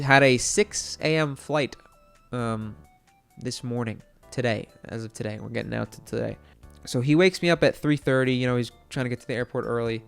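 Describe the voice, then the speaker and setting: A man's voice: mid-range voice, clear, resonant tone. A young man streaming, telling a rambling casual story with many fillers and swearing.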